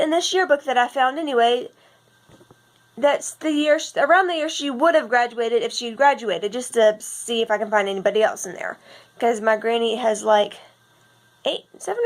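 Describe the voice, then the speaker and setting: A young woman, rambling in a casual vlog with a husky just-woke-up voice and lots of self-corrections. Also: high voice. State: husky morning voice. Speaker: vlogger.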